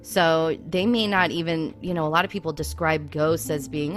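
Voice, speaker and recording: A woman's voice: low-pitched, normal speed, hardly any pauses, faint music behind. A woman co-hosting a podcast, chatting casually with plenty of "like" and "I mean" fillers. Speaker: podcast co-host. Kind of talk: casual chat.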